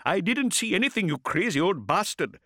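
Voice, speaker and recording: A man's voice: medium pitch, sing-song, unhurried, no echo, studio quality, pitched above the performer's own voice. A man doing an agitated young imagist. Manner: agitated, loud and clipped. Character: young male imagist, tense, defensive, upset.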